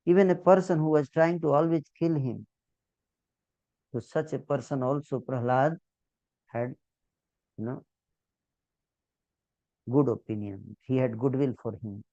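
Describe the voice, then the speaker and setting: A man preaching a scripture-story sermon, gently retelling the tale with repetitions and little asides to his listeners. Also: mid-range voice, a little slow, pauses often, no echo. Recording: dull lo-fi dry recording.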